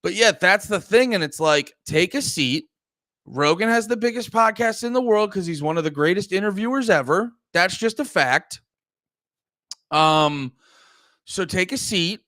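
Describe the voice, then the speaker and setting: A man's voice: sits high, lively intonation, a little slow, bright, forceful tone, dry recording, clean studio sound. A young man hosting a live stream, ranting casually with lots of profanity, restarts and mocking quoted voices. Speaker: streamer and podcast host.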